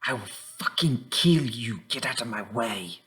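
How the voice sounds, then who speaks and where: Guy doing a paranoid little halfling, snarly and cursing, bright edgy voice. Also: mid-range voice, animated, measured pace. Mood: snarling. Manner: snarling, cursing, muttering to himself. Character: paranoid male halfling muttering threats.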